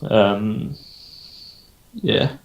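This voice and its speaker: A man's voice: on the low side, expressive, drawn-out words, highs cut off. A young man co-hosting a casual podcast, rambling and unsure, thinking aloud with lots of ums. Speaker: podcast co-host. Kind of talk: casual chat. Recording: roomy home recording.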